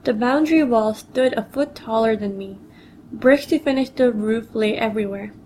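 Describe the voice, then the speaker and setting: A woman's voice: fairly high pitch, normal speed, darkish tone, slight background noise, poor audio. A woman reading a personal memoir story aloud, telling it plainly and quoting others in her own voice.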